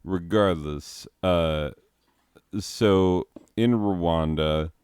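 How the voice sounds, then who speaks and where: Slow, deep-voiced rambling man. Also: darkish tone, clear, resonant tone, no echo, clean studio sound. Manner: rambling, goes off on history tangents; laughs at his own jokes and mocks things in silly put-on voices. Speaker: game video host; teacher. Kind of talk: casual gaming commentary.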